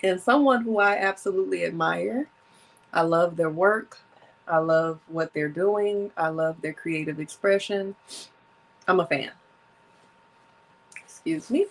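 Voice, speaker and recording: Chatty woman podcast host, lowish voice. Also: measured pace, vocal fry, pauses often, rough recording. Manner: chatty, reading from notes, self-correcting. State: runny nose from allergies. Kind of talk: casual solo podcast monologue.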